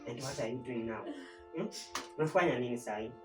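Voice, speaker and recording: A woman with a Kenyan accent acting an older sister who calms a crying sibling in a community drama. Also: very deep voice, fast, pitched below the performer's own voice. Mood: soothing. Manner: soothing, repetitive reassurance. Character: steady older sister consoling a grieving sibling. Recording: echoey, distant mic, loud music.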